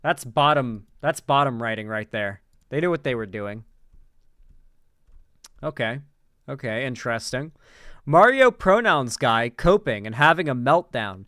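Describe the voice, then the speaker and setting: A man hosts casual political commentary, sarcastic and rambling with plenty of filler words. His medium-pitched voice is very animated and fairly bright, delivered at a measured pace. The recording is a dry, close-miked room with no echo.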